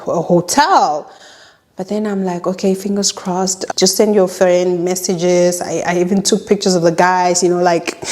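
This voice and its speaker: South african girl telling a dating story, kinda low voice, jumps up high when she acts stuff out. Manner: animated, acts out quoted lines with pitch jumps. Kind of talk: casual storytime monologue.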